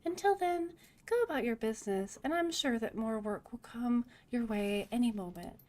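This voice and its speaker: A woman voicing a polite, sweet-voiced female crime boss in a game, measured and courteous. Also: fairly high pitch, animated, a little mellow, lightly acted. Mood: gracious. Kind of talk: reading game dialogue aloud.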